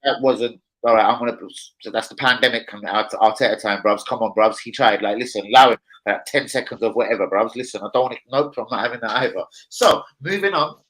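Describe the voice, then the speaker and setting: A man's voice: medium pitch, fast talker, hardly any pauses, fairly bright tone, poor audio. A man hosting a live football chat stream, chatty and slangy, talking straight to his co-host. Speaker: livestream football show host.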